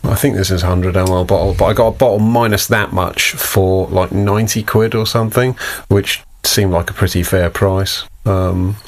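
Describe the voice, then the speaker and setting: A man's voice: low voice, fairly even intonation, normal speed. A man hosting a casual podcast chat, wry and swearing freely, with lots of fillers. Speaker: podcast host.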